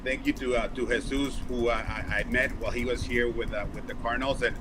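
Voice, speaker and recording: A man's voice: medium pitch, background noise. A man, chatting as an interview guest and acting out quotes in his stories. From Mexico. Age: 40s. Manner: animated storyteller, quick restarts, acts out quotes. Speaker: guest, baseball broadcaster. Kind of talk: casual interview chat.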